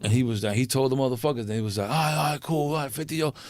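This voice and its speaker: Talking very fast in a mid-range voice, captured in a dry studio-quality recording, a man tells stories during a casual interview. He's streetwise and animated, cursing freely and acting out what others said.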